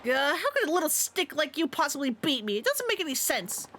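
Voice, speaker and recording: A woman's voice: high-pitched, sing-song, brisk, a little hiss or hum. Woman putting on Ulala, a bratty rival idol. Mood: indignant. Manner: snide, bossy and loud. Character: haughty, boastful young female rival idol. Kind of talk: reading game dialogue aloud on a stream.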